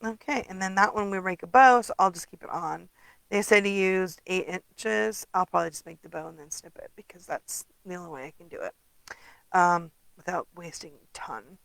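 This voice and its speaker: Chatty woman with a gravelly edge. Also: fairly low pitch, moderate pace, fairly bright tone, no echo, rough recording. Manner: chatty, rambling, many ums. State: tired, yawning. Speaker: papercraft demonstrator. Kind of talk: casual craft tutorial chat.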